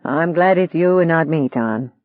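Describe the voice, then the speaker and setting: A reader voicing a kindly, worried older man who speaks gently. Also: a little high, animated, moderate pace, dry recording, pitched above the performer's own voice, close to an everyday voice. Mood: gentle. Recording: dry tinny phone-like sound.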